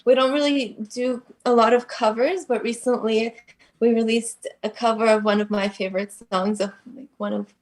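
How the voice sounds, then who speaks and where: A woman, a band singer, guesting on a casual livestream interview, relaxed and laughing softly. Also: fairly high pitch, normal speed.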